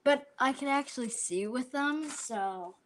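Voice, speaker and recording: High-voiced playful young woman. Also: measured pace, slight background noise. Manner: playful, chatty, jumps between bits. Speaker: cooking vlog host. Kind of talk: casual chat while cooking.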